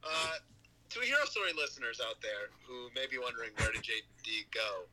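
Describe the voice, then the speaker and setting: A man's voice: medium pitch, very animated, fairly quick, noisy background. A man co-hosting a podcast, calling in by phone, joking wryly in casual chat. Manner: wry, joking sign-off. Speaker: podcast co-host.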